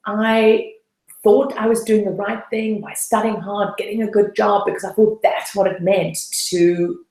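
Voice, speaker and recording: A woman's voice: medium pitch, a little mellow, roomy sound, rough recording. A woman coach giving a webinar talk, telling her own story in an earnest, personal way. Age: adult, past her late twenties. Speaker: debt-freedom coach.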